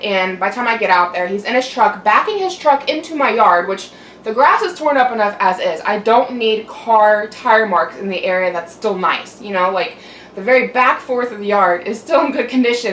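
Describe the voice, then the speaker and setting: A woman's voice: medium pitch, moderate pace, a bit bright. Chatty woman venting in an echoey room. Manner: chatty, aggravated, swears, lots of "like". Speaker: mukbang vlogger. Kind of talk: casual venting chat. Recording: roomy echo, mic at a distance, faint hum.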